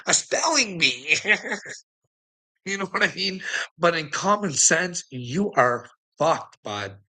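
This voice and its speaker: A man with a forceful, bright voice sitting a little high for a man. He rambles through a profane rant, swearing constantly and chuckling between phrases. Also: sing-song, slow pace, pauses often, rough recording. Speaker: online commentator.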